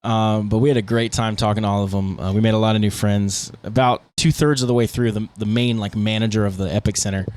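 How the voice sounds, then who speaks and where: Low-voiced guy co-hosting a podcast, talks fast, rambly casual chat. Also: fairly even intonation, a little mellow. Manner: fast, rambling storytelling with fillers. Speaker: podcast co-host, band guitarist.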